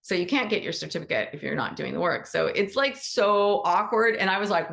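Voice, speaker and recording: Chatty woman with a creaky voice. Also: medium pitch, brisk, few pauses. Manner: chatty and animated, acts out quoted dialogue; motivational, affirming. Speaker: animal Reiki teacher hosting a support call. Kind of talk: casual encouraging talk on a group call.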